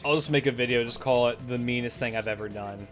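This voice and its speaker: A man's voice: mid-range voice, fast, fairly bright tone. Male streamer, profane rambling storyteller, faint music under him. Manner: profane, laughing, rambling with restarts. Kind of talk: casual storytelling on a live stream.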